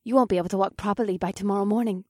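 A teasing young witch, voiced by a male narrator who mutters her lines under her breath. The pitch sits far above his own, the tone is breathy, and the sound is dry. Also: fairly even intonation, racing, dry recording. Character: sharp-tongued young witch, grumbling.

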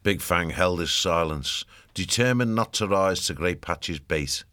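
A man giving steady scripted narration of a story. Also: deep voice, a little slow, clear, resonant tone, dry recording.

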